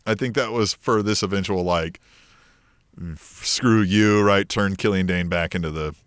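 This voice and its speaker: A man's voice: low-pitched, brisk, dry recording, clean studio sound. A man co-hosting a wrestling podcast, casually recapping matches and acting out what wrestlers said, with some swearing. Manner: animated, acts out quotes, swears. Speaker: podcast co-host.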